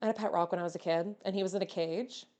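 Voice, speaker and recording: A woman's voice: fairly low pitch, steady tone, very fast, darkish tone. A young woman streaming live, chatting casually with her viewers in a playful, teasing way and swearing freely.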